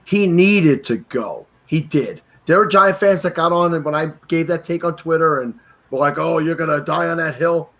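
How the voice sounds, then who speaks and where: A man's voice: a little high, fairly even intonation, brisk, vocal fry, fairly bright tone. A man hosting a casual sports podcast, opinionated and emphatic. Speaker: podcast host. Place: New York.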